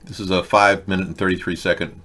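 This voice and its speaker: Male talk show host, low voice, sarcastic, mocking, rambling political talk. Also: level tone, fast, a bit bright, slightly rough. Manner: mocking, sarcastic, jumps between bits and rants.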